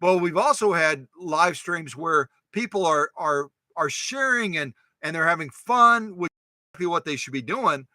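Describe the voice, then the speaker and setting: The host of a sewing machine live stream has a slightly high voice and talks at a normal speed, with no room sound. He's animated and casual, exclaiming and joking with his viewers as he chats.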